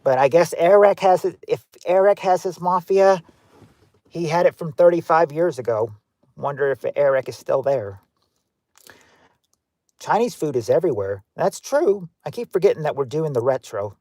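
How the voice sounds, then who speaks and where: A man's voice: a little high, lively intonation, normal speed, darkish tone, no room sound. A man hosting a livestream game show, reading out viewers' guesses and greeting them by name in an offhand, chatty way. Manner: offhand, with frequent fillers and restarts.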